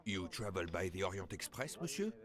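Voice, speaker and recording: A man's voice: low-pitched, very animated, brisk, faint music behind. An actor voicing a formal, polite male railway line director in a mystery game. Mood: courteous. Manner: formal, polite, eager to serve.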